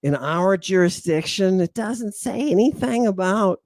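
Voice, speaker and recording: Middle-aged male host, high-pitched, dry close sound, dramatic lecturer with sighs and booming asides. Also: expressive, unhurried, a little mellow, dry recording. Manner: theatrical, sighing, swings from booming to muttered asides. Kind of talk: animated lecture to an online audience.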